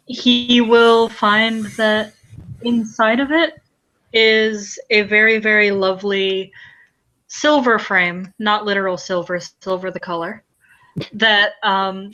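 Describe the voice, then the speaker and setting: A woman narrating as the game master in a soft, measured way. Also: medium pitch. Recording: dull lo-fi mic.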